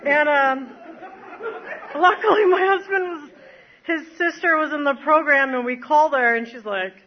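A woman's voice: high voice, moderate pace, lo-fi sound, a faint crowd. A woman telling her recovery story to a group, rambling with many fillers and self-mocking laughs. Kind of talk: personal testimony to a group. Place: standing before an audience.

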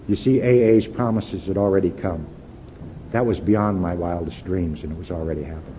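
A man's voice: deep voice, fairly quick. Earnest man telling his story in a hall. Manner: earnest storytelling, folksy, drops to quiet intensity. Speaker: recovery meeting speaker. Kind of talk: personal testimony talk. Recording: dull lo-fi hall recording with faint hiss.

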